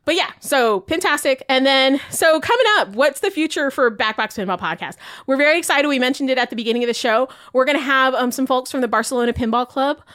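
A woman's voice: high voice, quick pace, hardly any pauses, a bit bright, dry recording, clean studio sound. A woman podcast co-host, talking casually with lots of "like" fillers. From Puerto Rican heritage. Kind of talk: casual chat.

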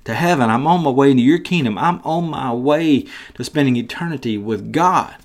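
A man voicing an excited, self-assured rich young man who speaks in quick, eager repeats. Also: medium pitch, close to an everyday voice.

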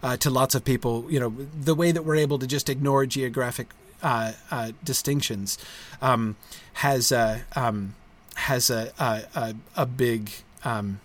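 A middle-aged man talking casually to viewers as a school founder, halting with many fillers and restarts and a frequent tag question at the end of his points. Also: medium pitch, steady tone. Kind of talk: casual livestream talk.

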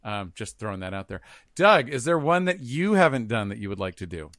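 A man's voice: medium pitch, very animated, brisk, fairly bright tone, dry recording. Guy musing casually on a podcast, laughs a lot, dry sound. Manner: reflective, laughs often, trails off.

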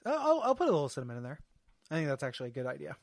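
High lively male podcast host, dry sound. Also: very fast, creaky, no room sound. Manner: laughs often, banters. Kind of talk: casual podcast chat.

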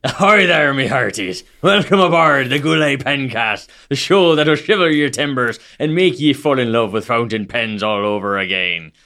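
Give me a man playing a swaggering Caribbean pirate, hearty and lively. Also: mid-range voice, moderate pace, few pauses. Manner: hearty, reading cold.

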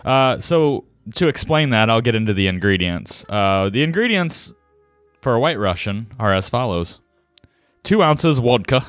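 A man's voice: fairly low pitch, very animated, moderate pace, a bit bright, smooth, no echo, soft background music. A man co-hosting a podcast, chatting casually and joking with frequent laughs. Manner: jokey, laughs easily. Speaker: podcast co-host. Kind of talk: casual chat.

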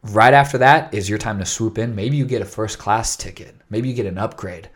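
A man's voice: fairly low pitch, brisk. A man co-hosting a podcast, chatting casually and acting out quoted dialogue as he tells a story. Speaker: podcast co-host.

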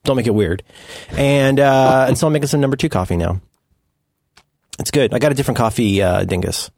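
A man's voice: medium pitch, a little fast, a little mellow, no echo. A man co-hosting a podcast in casual chat, playful and riffing, dropping into silly voices now and then. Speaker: podcast co-host.

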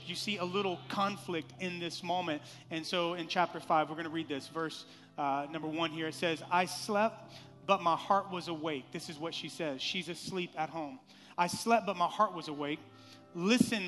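Male pastor, high bright voice, lively sermon delivery in an echoey hall. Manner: animated, acts out scripture in playful voices. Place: church.

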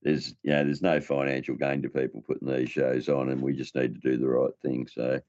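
A man's voice: rumbling low, flat delivery, brisk, a little mellow, no room sound, muffled recording. A man with an Australian accent co-hosting a casual car podcast, laid-back and matey. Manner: laid-back, says "bloody" and "mate". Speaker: co-host.

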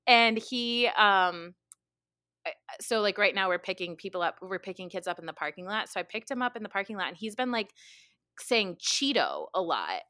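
Chatty young woman, bright dry voice. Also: medium pitch, normal speed, no room sound. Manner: chatty, animated storytelling with frequent laughs and fillers. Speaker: podcast co-host. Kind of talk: casual chat.

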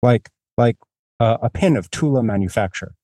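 A man's voice: medium pitch, animated, moderate pace, dark tone, no room sound, studio quality. A man hosting a podcast, talking through a book in a rambling, self-deprecating way with many restarts. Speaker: podcast host. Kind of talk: casual book discussion.

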